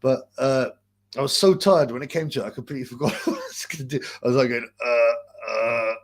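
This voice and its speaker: A man's voice: mid-range voice, quick pace, breathy edge. A man hosting a casual live boxing chat, rambling and crude, with many filler sounds. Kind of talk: casual post-fight live-stream chat.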